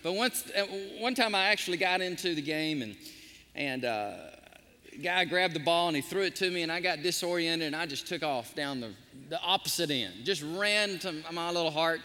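A man pastor preaching a sermon, telling stories in an animated, emotional way. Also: on the high side, moderate pace, in a large hall. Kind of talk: sermon with storytelling. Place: church sanctuary.

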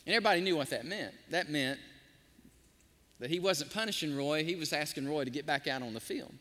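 A man pastor preaching a sermon, telling stories in an animated, emotional way. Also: fairly high pitch, a little fast, in a large hall. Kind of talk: sermon with storytelling. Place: church sanctuary.

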